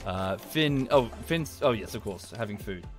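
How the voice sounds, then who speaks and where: A man streaming a game, rambling in a casual chat that turns into heated ranting with sudden high outbursts. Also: animated, normal speed, soft background music. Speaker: gaming streamer.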